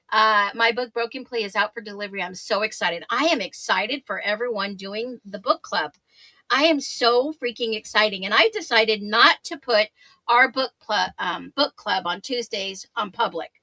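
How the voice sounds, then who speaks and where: Bright, chatty woman livestreaming. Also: medium pitch, dry recording. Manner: upbeat, chatty, laughs often, greets viewers by name. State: slightly hoarse voice. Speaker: true crime livestream host. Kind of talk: casual livestream chat, reading viewer comments.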